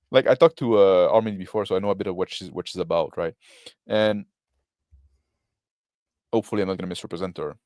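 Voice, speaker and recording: A man's voice: low-pitched, a little fast, long pauses, darkish tone, dry recording. Rambling man commenting, dry sound. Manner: rambling, many fillers and tag questions. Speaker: co-host reacting to a video. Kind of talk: casual commentary.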